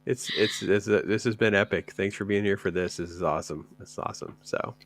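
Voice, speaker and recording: A man's voice: deep voice, fairly even intonation, brisk. A man hosting a podcast in an upbeat, easygoing way, trading stories with his co-hosts. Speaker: podcast host. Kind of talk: casual chat.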